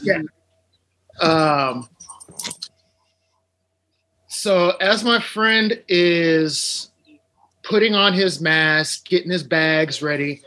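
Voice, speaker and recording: A man appearing as a guest on a video call, telling a story with many pauses and ums. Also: a little high, sharp tone. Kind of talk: storytelling on a podcast.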